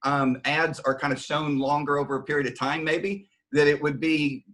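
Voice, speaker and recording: A man's voice: a little high, flat delivery, normal speed, a bit bright, rough recording. A man on a discussion panel who speaks hesitantly, with many restarts. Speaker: panel guest.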